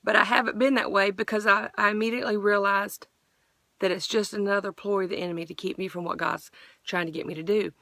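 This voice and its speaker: A woman's voice: mid-range voice, steady tone, quick pace, gravelly, a bit bright, dry recording. A middle-aged woman earnestly sharing a personal faith testimony, rambling with frequent restarts.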